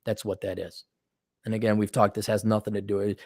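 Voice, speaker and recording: A man's voice: fairly low pitch, level tone, fast, darkish tone, no room sound, studio quality. A middle-aged man giving a blunt, sarcastic opinion monologue as a commentator. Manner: sarcastic and blunt, mocks in put-on voices. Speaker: commentator reading and reacting.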